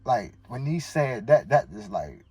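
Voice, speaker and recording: A male guest from Baltimore, with the local accent, tells a personal story in a slangy, emotional, rambling casual chat. His mid-range voice is sing-song, darkish, and a bit breathy at a measured pace; there's no room sound, though the distant mic picks up faint noise.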